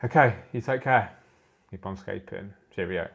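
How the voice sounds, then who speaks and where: A man in his forties hosts a relaxed livestream from his phone, his low voice thick with gravel. He sounds tired and keeps cracking jokes and laughing at them while he chats with viewers. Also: normal speed. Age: 40s. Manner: jokey, chatty, laughs at his own jokes. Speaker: aquascaping channel host. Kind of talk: casual livestream chat with viewers. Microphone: phone used for the livestream.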